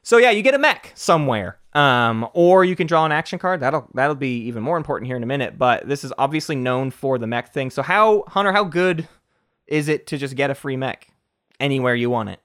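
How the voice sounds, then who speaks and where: A man co-hosting a casual board game strategy chat, talking in an animated way with frequent fillers. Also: medium pitch, brisk. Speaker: co-host.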